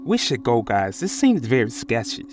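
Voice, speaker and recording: A man voicing a sharp young female know-it-all who is alarmed and suspicious in a spoken horror story. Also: mid-range voice, wildly swooping pitch, moderate pace, soft background music. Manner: suspicious, urging the others to leave.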